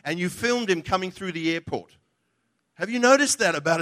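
Bright-voiced joking male preacher. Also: sits high, expressive, moderate pace. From from outside Australia. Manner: conversational, humorous, asks the audience questions. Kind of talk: sermon.

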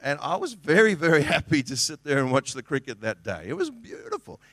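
A man's voice: on the high side, wildly swooping pitch, a little fast, a bit bright, dry recording, clean studio sound. A middle-aged man preaching a sermon as a pastor, in a conversational, earnest way with restarts and acted-out quotes.

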